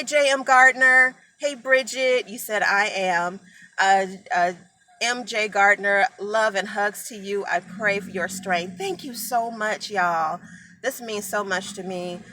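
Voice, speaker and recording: A woman's voice: mid-range voice, sharp tone, slight background noise. A middle-aged woman talking emotionally and rambling to her viewers on a phone live stream. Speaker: natural hair vlogger.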